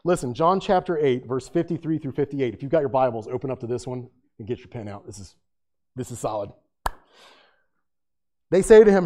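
A man's voice: a little high, expressive, brisk. Conversational man preaching a sermon. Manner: conversational preaching, rising to loud emphatic scripture reading. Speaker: pastor.

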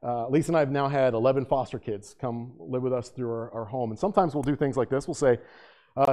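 A man teaching a Bible study as pastor to a live room, joking and animated, turning hushed and earnest when he prays. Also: mid-range voice, quick pace. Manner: drops to a hushed, earnest tone in prayer. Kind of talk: conversational sermon.

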